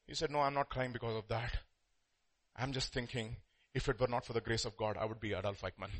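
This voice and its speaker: A man preaching a sermon, telling a story with sudden loud, emphatic bursts. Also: mid-range voice, brisk.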